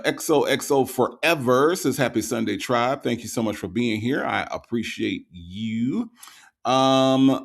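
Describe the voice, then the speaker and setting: A man hosting a livestream, reading out viewer comments and greeting each viewer in a relaxed, casual way with lots of ums, a little tired from the night before. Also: mid-range voice, gravelly. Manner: relaxed, greets viewers with repeated hellos, frequent ums and uhs.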